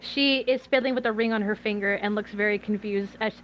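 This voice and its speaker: A woman narrating as game master of a tabletop game, lively and quick to laugh, on a muffled recording. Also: mid-range voice, soft background music. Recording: muffled lo-fi audio with faint hiss.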